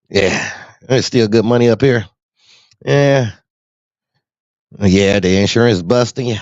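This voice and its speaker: A man's voice: sits low, dry recording, muffled recording. A man hosting a podcast in a loose, profane monologue, laughing often and calling out to his listeners. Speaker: podcast host.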